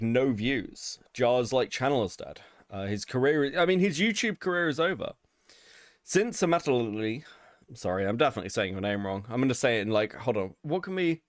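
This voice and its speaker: A man's voice: mid-range voice, dry recording. European guy cohosting a stream, swears constantly, voice jumps all over, dry close mic. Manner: animated, swears a lot, laughs often. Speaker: co-host of a livestream commentary show. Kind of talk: casual livestream commentary.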